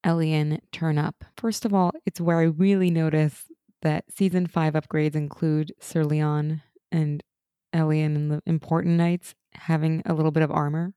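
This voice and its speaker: Woman, podcast co-host, low mellow voice, chatty, dry close sound. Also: level tone, clean tone, no room sound. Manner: chatty, uses "like" often, quick laughs. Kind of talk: casual rewatch chat.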